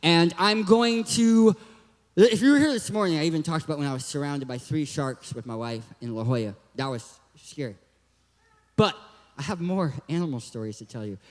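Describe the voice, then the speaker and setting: Speaking at normal speed, a young guest speaker from Southern California gives a church youth talk that is hyper and full of jokes. His lisping, cartoon-like voice is high, with a long hall echo following it.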